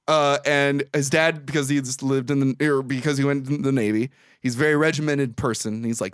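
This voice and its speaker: A man's voice: mid-range voice, steady tone, normal speed, clear, resonant tone, dry recording, clean studio sound. A man co-hosting a podcast, casually recapping a movie, rambling and laughing often. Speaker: podcast co-host.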